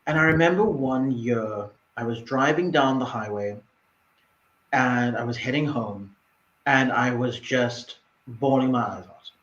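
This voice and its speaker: A man's voice: mid-range voice, a little slow, a bit bright. A man co-hosting a talk show, sharing a personal story candidly with frequent restarts. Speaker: co-host. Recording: echoey, dull lo-fi room sound.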